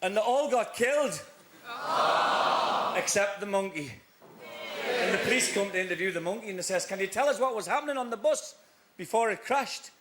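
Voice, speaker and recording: A man's voice: high-pitched, lively intonation, normal speed, long pauses. Corny stand-up comic man. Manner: corny joke-telling with shouted punchlines. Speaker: contestant doing stand-up. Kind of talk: stand-up comedy act. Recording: noisy live studio audience.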